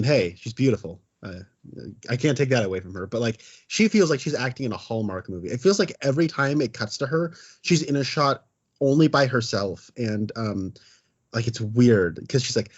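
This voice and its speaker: A man talks casually on a podcast, hesitant and self-deprecating, with a mid-pitched voice. The recording is dull and lo-fi. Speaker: podcast co-host. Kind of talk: casual film discussion.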